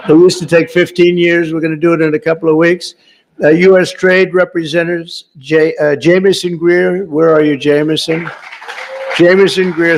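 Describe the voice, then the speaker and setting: A man's voice: on the high side, noisy background. A man giving an off-the-cuff speech at an indoor reception, rambling and teasing guests in the room with asides.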